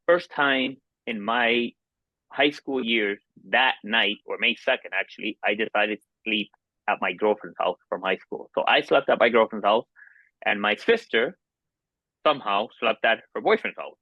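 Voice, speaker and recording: A man in his forties from Miami, a podcast guest telling a personal story in an earnest, halting way with many restarts. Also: medium pitch, no room sound. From Miami, United States. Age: 40s. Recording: dull, dry lo-fi sound.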